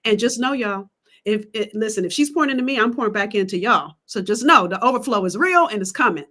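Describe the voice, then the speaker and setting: Woman, business coach, livestream pitch, emphatic, testifying, higher voice. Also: animated, quick pace, pushed and bright. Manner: emphatic, testifying, calls out to the audience.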